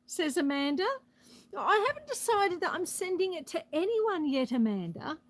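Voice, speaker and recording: Breathless and chatty, a woman live-streams on a handheld phone from her rural homestead, reading viewer comments aloud in casual chat. Her very high-pitched voice swings widely in pitch at a moderate pace, with no room sound but poor audio.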